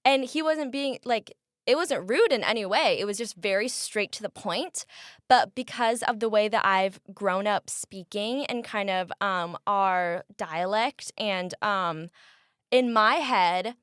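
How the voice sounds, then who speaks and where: A young woman from the Midwest talks through her story as an interview guest, filling her sentences with ums and easy laughter. Her voice is smooth and clear. The recording is close and dry. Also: medium pitch, unhurried, a bit bright, no echo. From American Midwest. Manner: chatty, laughing, many fillers. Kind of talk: casual interview.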